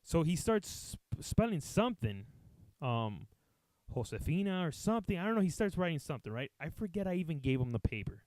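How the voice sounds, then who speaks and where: Guy telling a funny story on a podcast, cussing, doing all the voices, kinda high voice, dry close mic. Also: brisk, dry recording. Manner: profane, animated, acts out quotes, switches between English and Spanish. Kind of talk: casual comic storytelling.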